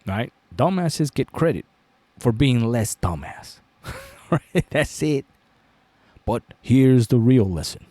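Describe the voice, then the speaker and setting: A man's voice: mid-range voice, big pitch swings, slow pace, long pauses, dark tone, no room sound. A man hosting a commentary channel, telling a fable in a profane way, often asking "right?" and chuckling. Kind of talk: storytelling commentary.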